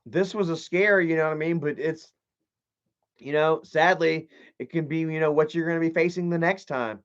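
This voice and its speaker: A man's voice: fairly high pitch, normal speed. A man giving casual livestream commentary, profane and mocking, reading chat messages aloud. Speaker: live streamer. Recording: muffled lo-fi stream audio.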